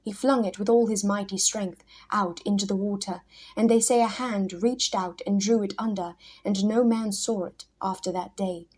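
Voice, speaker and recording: A half-mad old hermit , put on by a woman reading a storybook, his archaic speech swinging from roaring fury to reverent hushes. He is intense and obsessive, clinging to his treasure. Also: mid-range voice, steady tone, moderate pace, breathy edge, lightly acted. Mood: fervent. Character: mad old male hermit, wild and fervent.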